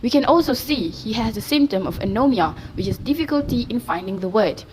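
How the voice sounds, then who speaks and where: A woman student reads a class presentation aloud in a steady, explanatory way. A faint hiss of background noise sits behind her voice. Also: a little high, fairly quick, poor audio. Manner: steady explanatory reading, frequent "so".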